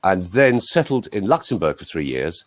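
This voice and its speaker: Telling wandering stories full of side comments, a man who works as a voice coach talks in a relaxed, animated way. He speaks at a normal speed in a low-pitched voice, with no room sound.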